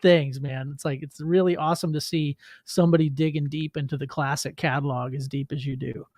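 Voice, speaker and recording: A man's voice: fairly high pitch, fairly even intonation, brisk, darkish tone. A man hosting a casual music interview, speaking in a slightly raised voice. The room around him is dry and close, with little echo. He reacts eagerly and keeps dropping in "man". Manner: enthusiastic reactions, says "man" often. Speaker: podcast host.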